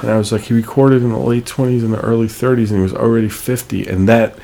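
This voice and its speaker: A man's voice: medium pitch, fairly even intonation, quick pace, vocal fry, mellow. A man co-hosting a radio show, telling long stories in a rambling way with many fillers and restarts. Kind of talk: casual radio chat.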